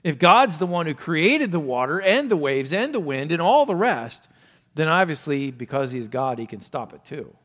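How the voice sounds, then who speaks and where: A male pastor with a somewhat high voice delivers a sermon. He peppers it with rhetorical questions and drops from ringing emphasis to near-whispered, low remarks. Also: sing-song, normal speed. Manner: swings from loud emphasis to hushed, low asides; asks many rhetorical questions.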